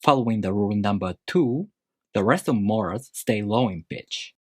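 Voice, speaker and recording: A man teaching a language lesson, explaining rules step by step in a measured, scripted way. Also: on the low side, expressive, a little mellow, no echo, clean studio sound.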